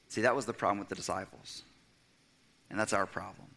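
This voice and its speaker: A young adult man preaching a sermon, swinging from loud, emphatic stretches down to a hushed near-whisper. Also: lowish voice, fairly quick, vocal fry, long pauses. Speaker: pastor.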